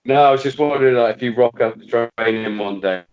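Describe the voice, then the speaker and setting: A man's voice: mid-range voice, fast talker, highs cut off. A man co-hosting a podcast in casual chat, rambling and searching for his words in a matey way.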